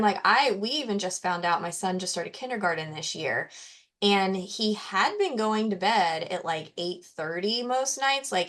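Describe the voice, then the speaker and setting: A woman's voice: fairly low pitch, fairly bright tone. A woman co-hosting a podcast, talking in a chatty, relatable way and thinking aloud with frequent fillers. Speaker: podcast co-host. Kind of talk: casual conversational chat.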